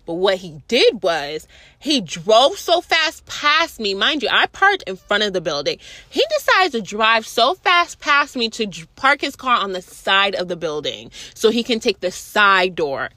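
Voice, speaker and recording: A young woman tells a storytime rant with a bright, sharp tone, sarcastic and profane. Her voice is a little high and swings widely from line to line. The sound is dry and close. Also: very animated, a little slow, no room sound. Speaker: vlogger.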